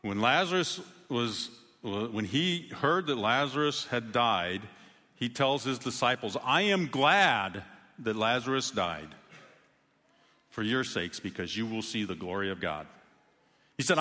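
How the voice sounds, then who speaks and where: A man preaching a sermon in a conversational way, with sudden emphatic rises in pitch. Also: expressive, unhurried, sharp tone, big-room sound. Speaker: pastor.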